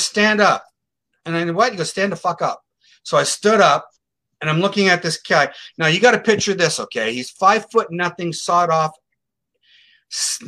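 Emphatic middle-aged man telling a story. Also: on the high side. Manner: animated, emphatic, acts out quotes. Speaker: guest psychic telling a case story. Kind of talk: casual storytelling interview.

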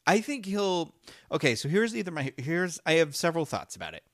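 A man's voice: on the high side, big pitch swings, fairly quick, no room sound, clean studio sound. A man co-hosting a casual fan discussion, talking enthusiastically and rambling through restarts. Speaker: podcast co-host.

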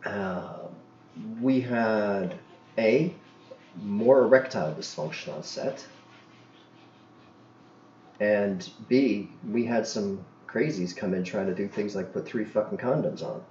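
A man's voice: fairly low pitch, slow pace, long pauses, darkish tone, roomy sound, muffled recording, slight background noise. A man from Canada hosting a podcast, telling crude anecdotes in a rambling way, full of fillers and restarts. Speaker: podcast host. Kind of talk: casual podcast chat.

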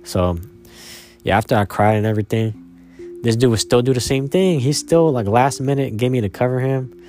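A young man casually telling a personal story, halting and slangy, with lots of fillers. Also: mid-range voice, darkish tone, faint music behind.

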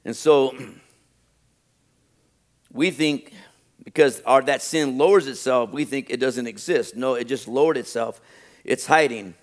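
A pastor preaching a sermon, repeating his phrases and stressing them with rising emphasis. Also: mid-range voice. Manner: reads a list slowly and deliberately.

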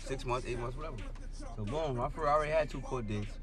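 Fast-talking man telling stories. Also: medium pitch. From Jersey City, New Jersey. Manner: animated, slangy storytelling with acted-out quotes. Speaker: guest. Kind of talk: storytelling interview.

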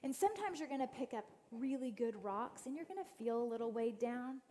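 Her voice is fairly high, warm and animated, a little fast, with slight background noise behind it. As a guest speaker at church, she shares inspiring family stories, talks directly to her listeners, and acts out what family members said.

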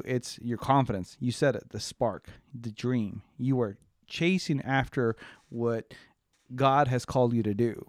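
A man's voice: mid-range voice, unhurried, no echo. Teasing male podcast co-host. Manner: teasing, dry interjections. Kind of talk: casual chat.

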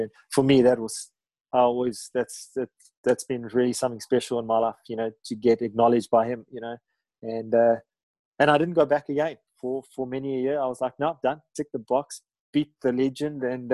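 Flat-voiced man telling a story. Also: medium pitch, dry recording, low-quality recording. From South Africa. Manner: rambling, many fillers and restarts. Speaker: guest, ocean ski paddler. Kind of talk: casual storytelling.

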